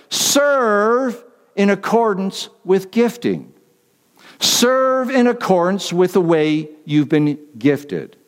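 A man delivers a sermon from the pulpit, leaning on repetition and drawing out key lines for emphasis. His voice sits a little high for a man. The sound carries a long reverb from the hall around him. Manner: deliberate, repetitive emphasis with slowed key phrases; self-deprecating asides. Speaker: pastor.

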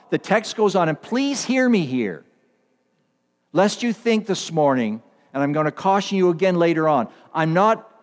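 Lively preaching man in a reverberant hall. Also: a little high. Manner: repeats and stresses key words, swings between loud and hushed. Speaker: pastor. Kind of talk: sermon.

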